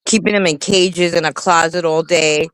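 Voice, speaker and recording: A woman's voice: fairly low pitch, steady tone, normal speed, a bit bright, clear, resonant tone, no room sound, low-quality recording. A woman co-hosting a livestream in casual chat, talking bluntly and heatedly with a lot of cursing. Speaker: livestream co-host.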